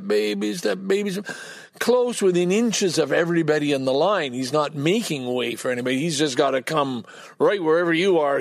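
A man's voice: on the high side, vocal fry, dry recording, clean studio sound. A man hosting a podcast, telling a rambling story in a casual monologue, with frequent restarts and blunt swearing. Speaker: podcast host.

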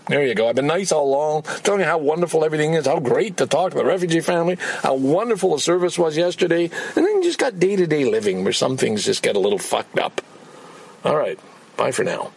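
A man's voice: on the high side, gravelly, husky. An older man, ranting and swearing in a personal vlog about a frustrating day. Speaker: vlogger.

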